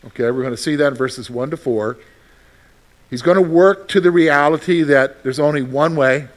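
High-voiced man preaching a sermon. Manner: reads scripture slowly, then preaches with lively rhetorical questions. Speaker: pastor.

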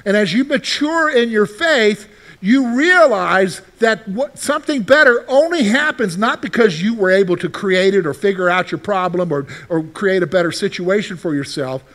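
Guy preaching in a high voice, bouncy and animated, talks to the crowd like a chat and plays their answers back. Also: normal speed. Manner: conversational, asks the congregation questions and answers them; plays out imagined listeners' replies. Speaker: pastor. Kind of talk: sermon.

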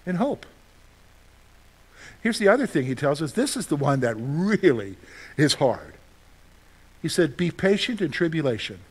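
A middle-aged man preaching a sermon as pastor, lively and conversational, asking his listeners questions and answering them himself. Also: a little high, normal speed, slightly rough. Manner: animated, asks the congregation questions and answers them; acts out his own panicked reactions for humor.

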